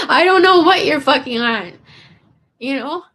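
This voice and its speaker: A woman in her fifties with a gravelly, rough-edged voice that sits high in pitch. She tells a personal story in a casual, confessional way, swearing freely, stumbling and restarting sentences as she goes. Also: expressive, takes it slowly, bright, forceful tone. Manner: rambling, profane storytelling full of restarts. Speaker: vlogger.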